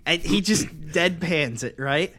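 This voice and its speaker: A young man co-hosting a podcast, rambling through profane anecdotes with deadpan asides. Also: a little high, unhurried. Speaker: podcast co-host. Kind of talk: casual chat.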